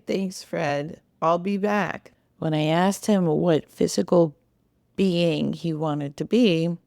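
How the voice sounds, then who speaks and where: A woman hosting a reflective self-help talk, guiding the listener in a playful, warm-hearted way. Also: deep voice, gravelly. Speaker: host.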